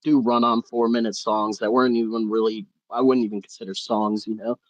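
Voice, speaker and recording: A man's voice: lowish voice, flat delivery, fairly quick, no room sound, muffled recording. Rambling young-sounding rapper guest, man. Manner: rambling, full of "like" fillers. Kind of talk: casual interview talk.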